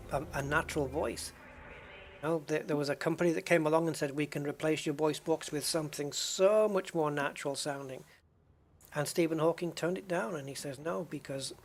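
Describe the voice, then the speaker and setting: A man's voice: fairly high pitch, a little mellow. Chatty man rambling on stream. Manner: rambling, chatty, talks to his chat. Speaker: gaming streamer. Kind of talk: casual livestream chat while gaming.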